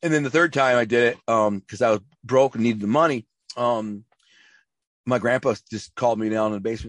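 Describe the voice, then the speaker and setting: A man from the Detroit area tells his stories at a rapid clip, stumbling over restarts and slipping into acted-out quotes. His mid-range voice sits dry and close, with no room around it. The talk is casual, profane and streetwise. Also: mid-range voice, no room sound. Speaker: interview guest, former mob associate and author. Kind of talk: casual storytelling interview.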